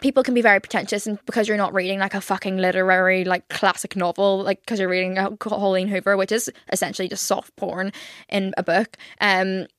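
A woman's voice: mid-range voice, level tone, a little fast, no echo, clean studio sound. A woman, rambling through casual solo podcast chat and swearing freely. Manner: chatty, rambling and swears a lot. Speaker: podcast host.

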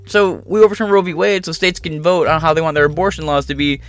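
A man's voice: on the high side, racing, hardly any pauses, a bit bright, soft background music. A man ranting in a reaction commentary, profane, sarcastic and combative. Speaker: political commentator.

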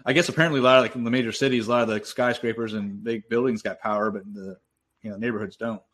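Guy talking fast on a podcast, quick offhand comments. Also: mid-range voice, fairly even intonation, a bit bright. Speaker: podcast co-host. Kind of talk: casual chat.

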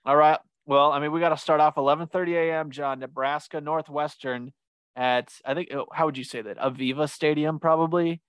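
A man co-hosting a casual college sports podcast, chatty and quick to exclaim over stats. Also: a little high, steady tone, a bit bright, smooth, no room sound. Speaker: podcast co-host.

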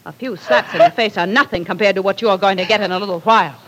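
A gloating villainess in a vintage radio serial, savoring every cruel word. Her pitch rises and falls widely as she taunts, and a faint hiss of an old broadcast sits under the voice. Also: expressive, moderate pace, low-quality recording. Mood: mocking. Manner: sneering, mocking, relishes cruelty. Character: cruel, gloating woman villain holding a captive. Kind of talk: 1940s radio drama acting.

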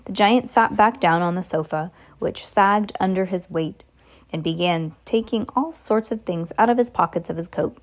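Woman, home read-aloud of a novel, low-ish voice, unpolished, small slips and asides. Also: moderate pace. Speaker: reader.

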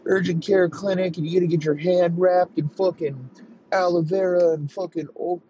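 Guy doing a whiny panicky waiter, high and fast, kinda muffled. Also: steady tone, dark tone, close to an everyday voice. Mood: whining rant. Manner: whiny, rapid ranting.

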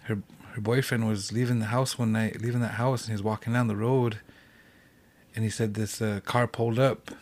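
A man's voice: fairly low pitch, little pitch movement, fairly quick, a little mellow. A young man from the Cheyenne Reservation telling a ghost story in a loose, rambling way as a podcast guest. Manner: rambling, full of "like" and "he said".

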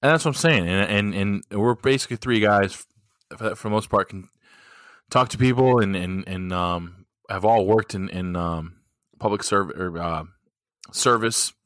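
A man's voice: on the low side, normal speed, a bit bright, no echo, clean studio sound. A man co-hosting a podcast in casual chat, encouraging and laughing, with many ums and uhs. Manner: laughing, encouraging, heavy with fillers. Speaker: podcast co-host.

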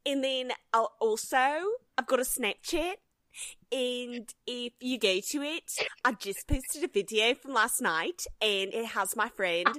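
A woman's voice: medium pitch, bright, forceful tone, dry recording. An American woman co-hosting a podcast in casual chat, brash and jokey, swearing freely. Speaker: podcast co-host.

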